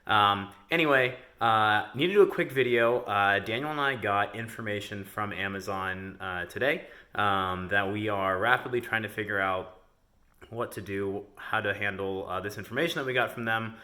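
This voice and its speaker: A man with a bright, forceful voice and a lowish pitch talks to his staff in a casual video update. He rambles and fills his sentences with ums and uhs while he lays out a schedule change from indoors. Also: moderate pace. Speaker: delivery company owner. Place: indoors in a house.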